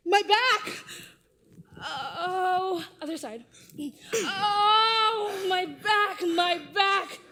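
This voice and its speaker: Stage drama: woman as an old nurse, very high voice, rambling, teasing, groaning. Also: expressive, moderate pace, fairly bright tone. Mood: complaining. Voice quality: groans and sighs often. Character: fussy older female nurse, teasing and complaining. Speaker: stage actor. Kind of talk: live stage drama performance.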